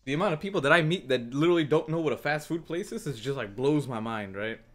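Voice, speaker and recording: A man's voice: on the high side, expressive, quick pace, a bit bright, soft background music. Rambling young man telling a story. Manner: rambling, with many fillers and restarts. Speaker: gaming YouTuber. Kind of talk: casual storytelling.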